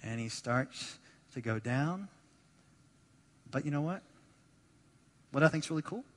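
A man preaching a sermon as pastor, animated, acting out the voices of the people he quotes and repeating words as he builds his points. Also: on the high side, measured pace. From United States. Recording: long hall reverb.

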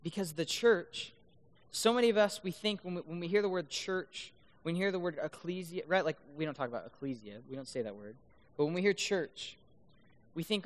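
Earnest high-voiced young male preacher. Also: a little fast. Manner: earnest, repeats words, swings between loud and soft. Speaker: youth pastor. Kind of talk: youth sermon.

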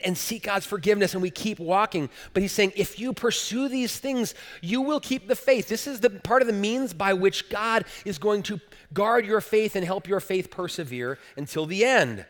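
Man, pastor, sermon, earnest, emphatic, slightly high voice, long church reverb. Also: expressive, normal speed, fairly bright tone. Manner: earnest, emphatic preaching with repeated words.

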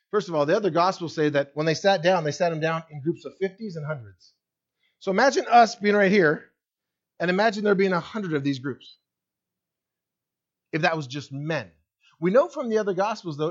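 A man preaching a sermon as a church pastor, acting out worried and hopeful quotes with lively swings. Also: high-pitched, highs cut off. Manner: animated preaching with acted-out quotes.

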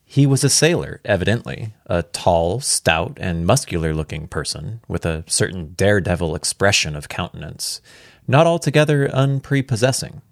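A man casually reading a classic story aloud, relaxed and chatty, breaking off now and then to comment on the text. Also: deep voice, normal speed, dry recording, studio quality. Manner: relaxed, chatty, comments and laughs at his own slips. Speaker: reader.

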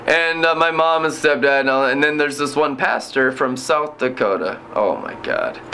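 Missionary man in his thirties, bright forceful voice, lively storytelling testimony. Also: mid-range voice, moderate pace, slight background noise. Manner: animated, laughs often while telling his story. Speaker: inner-city missionary and broadcaster. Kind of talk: personal faith testimony.

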